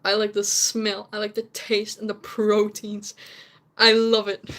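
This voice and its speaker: A woman's voice: medium pitch, completely flat delivery, slow pace, fairly bright tone. A young Dutch woman, whose first language is Dutch, chatting casually with viewers on a stream, laughing often and sometimes searching for English words. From Netherlands.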